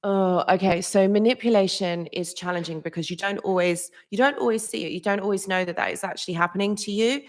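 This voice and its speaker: Talking a little fast with few pauses, a woman with a mid-range voice hosts a psychology live stream. She greets viewers by name in a loose, casual chat, relying on "like" and "literally," with frequent restarts and small laughs.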